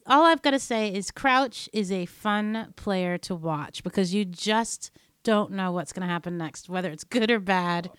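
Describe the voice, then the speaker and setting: An American woman from New England co-hosts a casual podcast in a chatty way and laughs easily. Her voice is smooth and clear, with a middle pitch, on a dry recording. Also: unhurried, fairly bright tone, dry recording. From New England, USA. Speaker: podcast co-host. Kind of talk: casual chat.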